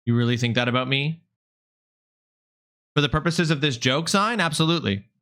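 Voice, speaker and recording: A man live-streaming, chatting with his viewers in a lively, mock-indignant way and swearing freely. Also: mid-range voice, normal speed. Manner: animated, mock-indignant, swears freely, talks straight to chat.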